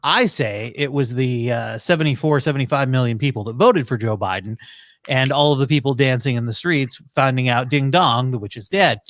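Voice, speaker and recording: A man hosting a podcast in casual chat, animated and wry, swearing freely between asides. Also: medium pitch, brisk, no room sound. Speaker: podcast host.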